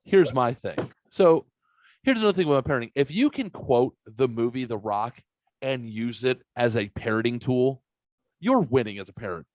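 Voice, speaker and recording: A man hosting a podcast, telling rambling, profane stories in a middle-pitched voice. He mimics the people in his stories as he goes. The sound is dry and close. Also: expressive, moderate pace, a little mellow, dry recording. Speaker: podcast host. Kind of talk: casual podcast chat, storytelling.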